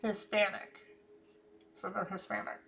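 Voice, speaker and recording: A woman's voice: medium pitch, flat delivery, measured pace, vocal fry, fairly bright tone, slight background noise. A woman with a Southern US accent, talking casually through a psychic reading and thinking aloud with frequent restarts. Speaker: psychic channeler.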